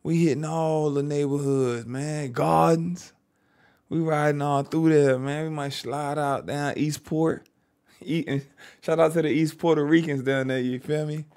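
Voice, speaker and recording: A man with a Maryland accent hosts a reaction video and riffs at the screen in easygoing slang. His voice sits a little high for a man. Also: fairly even intonation, unhurried, darkish tone. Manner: loose slangy running commentary, riffing at the screen. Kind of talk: casual reaction commentary.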